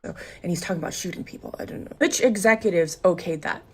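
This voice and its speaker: A woman's voice: fairly low pitch, animated, fast. A woman from Korea giving sarcastic, lecturing commentary to camera, sometimes dropping to a whisper. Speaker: online commentator.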